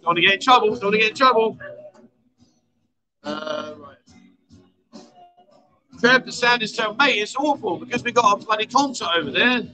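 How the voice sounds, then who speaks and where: Chatty guy hosting a bar livestream, high bright voice, cracking jokes at the viewers. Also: lively intonation, normal speed, long pauses, faint music behind, poor audio. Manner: joking, chatty, reads out viewer comments. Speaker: livestream chat show host. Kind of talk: casual livestream chat. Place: bar in a noisy city street at night.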